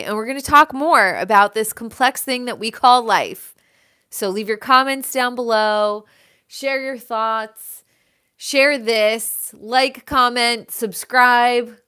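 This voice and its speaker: A woman's voice: a little high, slow, pushed and bright, clean tone. A woman hosting her own live show, talking in a rambling, emphatic way full of "like". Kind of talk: casual livestream monologue.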